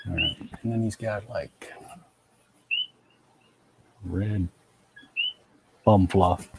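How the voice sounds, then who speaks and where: A man's voice: lowish voice, steady tone, extremely slow, creaky, noisy background. A man hosting a live sketch stream, thinking aloud as he draws and joking with viewers. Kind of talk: casual chat while drawing.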